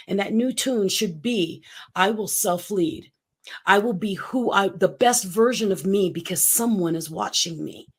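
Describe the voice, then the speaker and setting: A woman's voice: medium pitch, breathy edge. Emphatic motivational woman in her fifties. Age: 50s. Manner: emphatic, punchy short phrases. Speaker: guest, speaking coach. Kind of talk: energetic motivational interview talk.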